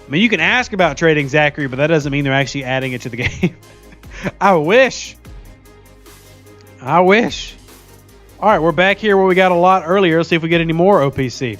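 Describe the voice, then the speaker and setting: This man talks very fast with few pauses, his voice a little high and fairly bright, while soft music plays behind him. He's streaming a mobile game in a chatty, jokey way, laughing a lot and reading viewers' comments out loud mid-play.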